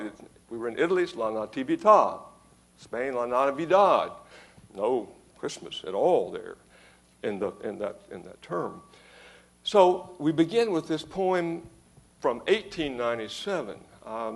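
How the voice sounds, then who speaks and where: A man giving a conference lecture on poetry, measured and emphatic, reading verse aloud with marked rhythm. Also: medium pitch, vocal fry, breathy edge. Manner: measured, emphatic, stresses rhythm and tapping out meter. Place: lecture hall.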